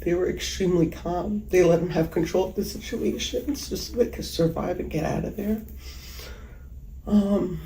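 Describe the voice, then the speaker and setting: A woman giving emotional interview testimony as a mother, halting and hesitant with many pauses. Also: on the low side, creaky, warm tone. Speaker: mother recounting a killing. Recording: echoey room with faint background noise.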